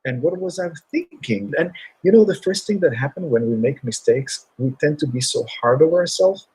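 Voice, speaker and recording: A man speaking as a guest, telling motivational stories in an animated way and acting out shouts. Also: fairly high pitch, moderate pace, slightly rough, rough recording. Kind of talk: motivational storytelling.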